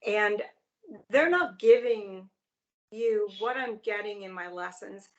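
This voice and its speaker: A woman's voice: medium pitch, slow, highs cut off. A woman who studies voice, answering questions thoughtfully with hesitant starts. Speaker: voice student. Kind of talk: conversational interview.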